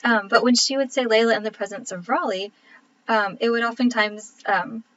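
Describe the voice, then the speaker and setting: A woman's voice: fairly high pitch, fairly even intonation, normal speed, fairly bright tone. Casual woman lecturer, thirties, chatty with ums, lo-fi recording with a faint hiss. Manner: casual, explanatory, frequent ums. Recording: dull lo-fi recording with faint background noise.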